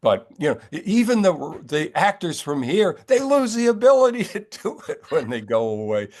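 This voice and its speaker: A man's voice: fairly high pitch, sing-song, normal speed, darkish tone. An older man from the New York area, an author telling his story in a wry, rambling interview chat. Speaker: author guest.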